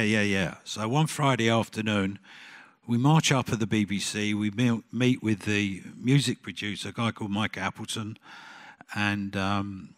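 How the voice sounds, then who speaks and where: An older man, a concert promoter telling lively anecdotes on a conference stage and acting out the people he quotes. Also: mid-range voice. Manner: animated anecdote-telling, acts out quotes, laughs at own story.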